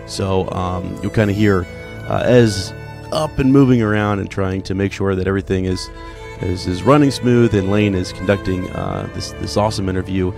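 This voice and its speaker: A man hosting a podcast who introduces an interview in a halting way, with many fillers. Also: low voice, fairly even intonation, vocal fry. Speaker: podcast host. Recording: music playing underneath.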